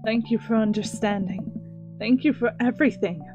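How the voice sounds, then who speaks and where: A woman voicing a shy, formal goth man in a dating game, speaking quietly with old-fashioned courtesy. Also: on the high side, normal speed, lo-fi sound, music in the background, voice pushed down, lightly acted. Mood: tender.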